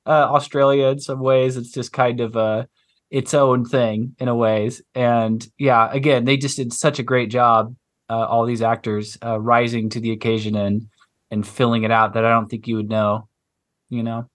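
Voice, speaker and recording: A man from Kansas, a film director giving halting interview answers with frequent ums and uhs. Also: mid-range voice, steady tone. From Kansas, United States.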